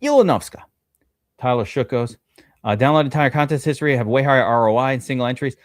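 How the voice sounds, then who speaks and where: A man talking casually to his stream audience, his voice at an ordinary middle pitch. He is recorded dry and close, with no room sound around him. He rambles loosely and reads out viewers' names as he goes. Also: fairly even intonation, quick pace, no echo. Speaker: livestream host drafting fantasy football. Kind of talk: casual livestream chat.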